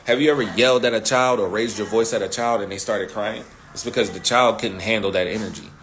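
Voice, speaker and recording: A man teaching sales techniques in an animated way, repeating key phrases and talking with slang. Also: on the low side, fast talker, slight background noise. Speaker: sales coach.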